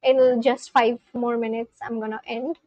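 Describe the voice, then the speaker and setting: A woman's voice: on the high side, flat delivery, a little slow, darkish tone, no room sound, highs cut off. A young Indian woman with an Indian English accent, a native Marathi speaker, chatting casually on a livestream and answering her chat with lots of ums and likes. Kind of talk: casual live-stream chat.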